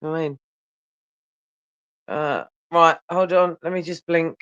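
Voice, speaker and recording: A tired, yawning livestreamer rambles and swears straight at his viewers in casual live chat, his phone pressed right up to his face, and the sound comes across dull and dry. His voice is slightly high and fairly bright, smooth, with fairly even intonation, a measured pace and no echo.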